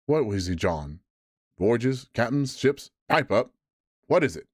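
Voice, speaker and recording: A man's voice: fairly low pitch, big pitch swings, moderate pace, dry recording, clean studio sound. A man doing Long John Silver, a blustering one-legged pirate innkeeper. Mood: badgering. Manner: blustering and loud. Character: hearty one-legged male tavern keeper, a scheming pirate cook. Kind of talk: bedtime story reading.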